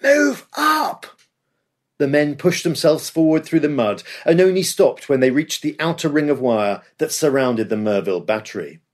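A man's voice: mid-range voice, moderate pace, hardly any pauses, darkish tone. A man reading scripted history narration with a dramatic storytelling delivery. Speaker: podcast host.

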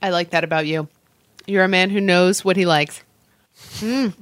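A woman co-hosting a casual food chat, talking quickly and chatting while she eats. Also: on the low side, no echo, studio quality. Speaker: co-host.

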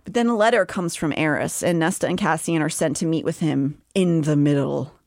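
A woman co-hosting a podcast, recapping a novel's plot in a casual chatty way and now and then dropping into quick silly character voices. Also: low voice, darkish tone, dry recording, clean studio sound. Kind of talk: casual book recap chat.

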